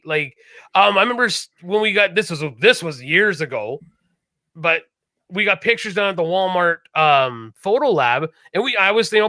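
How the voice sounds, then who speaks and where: A man co-hosting a casual podcast chat, telling stories in a lively way and acting out the voices of people he quotes. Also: a little high, no room sound, studio quality. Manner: animated storyteller, acts out quoted voices. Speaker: podcast co-host.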